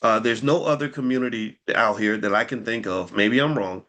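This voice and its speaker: A man talking straight to his viewers in unscripted commentary, animated and rhetorical, piling up pointed questions and restarting his words as he goes. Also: on the low side, normal speed.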